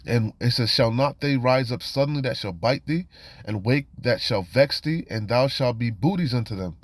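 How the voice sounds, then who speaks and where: In an expressive mid-range voice at normal speed, a preacher works through scripture casually and with street flavor. He reads verses out loud and comments, often dropping "you know" and "man".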